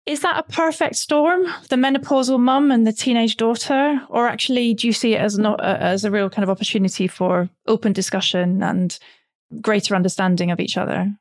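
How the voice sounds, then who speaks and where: Middle-aged woman interviewer, even and measured, asking clear questions. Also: fairly high pitch. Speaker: podcast host.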